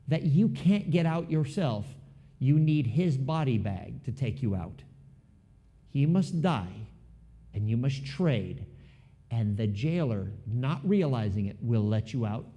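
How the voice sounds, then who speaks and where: A man preaching a sermon in church as pastor, swinging between loud and soft and throwing in joking asides to the congregation. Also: a little high. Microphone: live stream recording.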